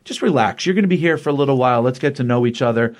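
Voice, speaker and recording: A man's voice: mid-range voice, animated, racing, natural voice. A man voicing a smug, reality-bending imp in a breezy, taunting way while retelling a comic. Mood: smug teasing.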